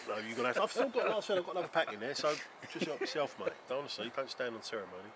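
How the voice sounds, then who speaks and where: A man's voice: medium pitch, big pitch swings, racing, background noise. Chatty man telling camp stories. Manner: chatty storyteller, swears, laughs often. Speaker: channel host. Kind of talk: casual chat at a camp. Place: outdoors in a forest camp.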